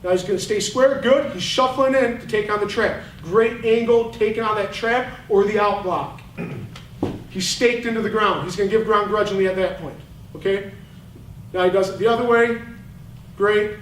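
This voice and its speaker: Here a man with a high voice and a moderate pace coaches at a clinic, reviewing game film. As a football coach, he comes across fired up, blunt, and animated, speaking with real fire. Faint noise and a far-off mic give the audio a roomy feel.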